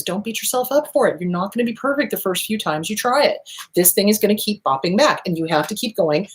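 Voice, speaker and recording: A woman's voice: animated, fast. A woman therapist hosting a podcast, giving casual advice, swearing freely and acting out quoted voices. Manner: swears freely, acts out quotes with big pitch jumps.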